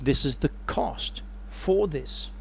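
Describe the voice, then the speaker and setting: A male preacher delivering a sermon in a somewhat high voice that swoops with lively, expressive rises and falls. He tells stories dramatically and animatedly, pulling listeners along. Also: takes it slowly, vocal fry, breathy edge.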